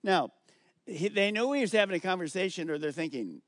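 A middle-aged male pastor preaching a sermon, emphatic and slowing down on key words as he reads scripture aloud. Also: sits high, lively intonation, a bit bright, no echo, studio quality.

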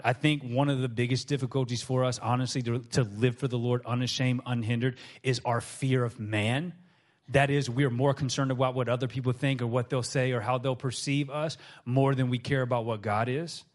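A man preaching a sermon to his congregation, telling stories with lively acted-out quotes. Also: medium pitch. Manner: animated storytelling, acts out quoted voices. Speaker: pastor.

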